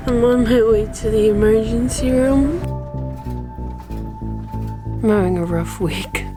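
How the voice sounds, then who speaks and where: A young woman speaking candidly in a personal video diary, her voice often dropping to a soft near-whisper. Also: fairly high pitch, takes it slowly, pauses often, over music. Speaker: vlogger.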